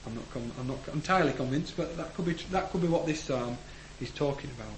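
A man preaching a sermon in a church, earnest, rising to emphatic declarations and letting phrase ends fall low. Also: quick pace. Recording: echoey room with faint background noise.

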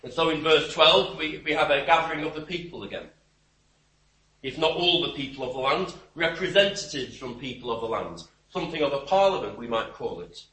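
A man's voice: on the high side, expressive, fairly quick, sharp tone. A man preaching an expository sermon, with wry, emphatic and scornful asides. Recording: roomy, distant church mic.

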